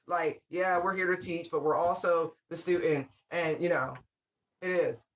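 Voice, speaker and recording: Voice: mid-range voice, steady tone, unhurried. A tarot reader giving a casual spiritual reading, talking candidly with frequent profanity, wry asides and bursts of laughter. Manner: laughs often mid-sentence.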